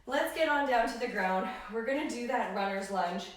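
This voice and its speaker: High-voiced woman coaching a home workout. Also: lively intonation, moderate pace, recorded from a distance. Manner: encouraging, cueing breath and form. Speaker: fitness trainer. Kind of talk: live home workout instruction. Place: living room at home. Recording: very echoey room, voice off-mic.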